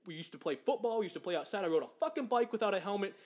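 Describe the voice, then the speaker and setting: A man's voice: sits high, expressive, rapid-fire, a little mellow. A young man co-hosting a casual chat, ranting angrily and profanely about sports and mocking people in put-on voices. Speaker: podcast co-host.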